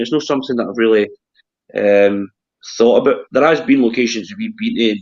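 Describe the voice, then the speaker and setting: A low-pitched Scottish man hosts a relaxed chat, stopping and restarting his words often. The recording sounds dull and lo-fi. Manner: hesitant, repeats words. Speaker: host. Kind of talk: casual chat.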